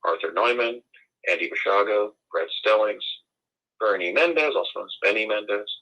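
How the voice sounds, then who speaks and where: A man's voice: fairly low pitch, normal speed, sharp tone, low-quality recording. A man from the United States, speaking as an interview guest in an emphatic, formal and indignant way. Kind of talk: conversational interview.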